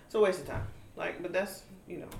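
A woman co-hosting a casual talk show, telling stories in a lively, laughing way. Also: fairly low pitch, brisk, gravelly. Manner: animated, laughing storyteller. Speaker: podcast co-host. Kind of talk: casual chat. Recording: roomy echo, faint noise.

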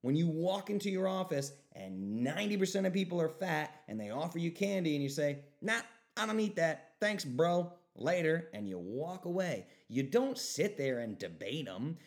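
Emphatic ranting male podcast host. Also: fairly high pitch. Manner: animated, emphatic ranting with mocking voices. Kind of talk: solo podcast rant.

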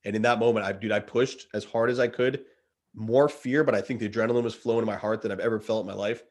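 A man in his thirties with a fairly low voice tells a story to a friend in casual chat. He is earnest and animated, and drops "dude" into his sentences. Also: fast talker. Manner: earnest, animated retelling, says dude a lot. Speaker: guest.

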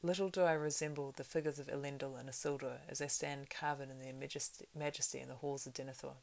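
A woman reading the part of a weathered, kingly ranger in a storybook, speaking with measured solemnity. The voice sits low and carries a heavy gravelly fry throughout. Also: fairly even intonation, a little mellow. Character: weathered grave male ranger, heir of kings.

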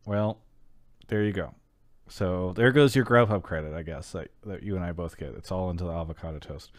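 A man hosting a call-in show, chatting casually and reading a sponsor spot, often trailing off quietly at the ends of sentences. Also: low voice, brisk, no room sound, studio quality. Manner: relaxed, rambling, trails off quietly at line ends.

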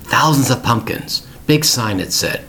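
A man's voice: medium pitch, lively intonation, a little slow, creaky, fairly bright tone, slight background noise. A middle-aged man hosting an English-learning podcast, telling a family story in plain, repetitive words for learners.

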